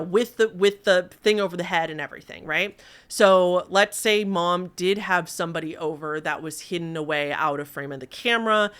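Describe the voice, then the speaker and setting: Chatty woman reacting to viral videos. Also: lowish voice. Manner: chatty, animated, addresses viewers directly; mimics voices in quoted lines. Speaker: YouTube host. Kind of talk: casual commentary on viral videos.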